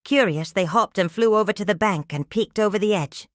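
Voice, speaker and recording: An older woman reading a bedtime story for children in a gentle, soothing way. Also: mid-range voice, brisk, dry recording, studio quality.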